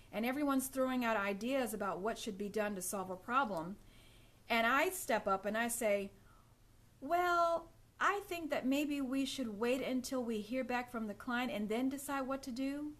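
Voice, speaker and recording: Woman etiquette coach, slightly high voice, direct and instructive, speaking to live viewers on a webcam. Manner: acts out hesitant and confident speech examples. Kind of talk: live-stream tips to viewers. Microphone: phone or webcam.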